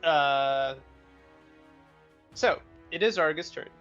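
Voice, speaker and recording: A man narrating as game master of a tabletop game, relaxed and halting, with many fillers. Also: a little high, dull audio, faint music behind.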